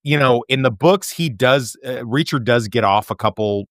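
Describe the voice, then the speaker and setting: A man's voice: medium pitch, normal speed, a bit bright, no echo, clean studio sound. A man co-hosting a casual podcast, chatting loosely with wry, sarcastic asides. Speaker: podcast co-host. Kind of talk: casual chat.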